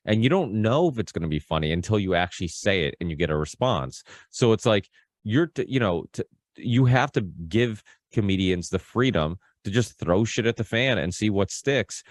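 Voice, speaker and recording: A man's voice: on the low side, expressive, moderate pace, no echo, clean studio sound. A man hosting a podcast in casual, rambling chat, full of restarts and fillers and freely swearing. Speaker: podcast host.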